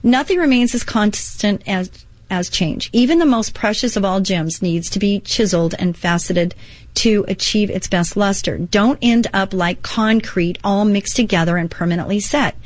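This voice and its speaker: A middle-aged woman hosts a Christian inspirational radio talk show at medium pitch and normal speed, with no room sound. Earnest and encouraging, she blends devotional readings with personal asides.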